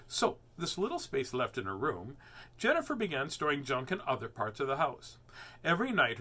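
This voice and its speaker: A man's voice: fairly high pitch, pushed and bright. An older man hosting a live picture-book reading, playful and chatty, easily amused as he talks to his viewers. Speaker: host reading picture books aloud. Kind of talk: live read-aloud stream.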